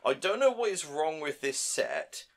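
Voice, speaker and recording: A man's voice: on the high side, expressive, a little slow, vocal fry, low-quality recording. Blunt swearing man. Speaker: film commentator. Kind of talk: casual film commentary chat.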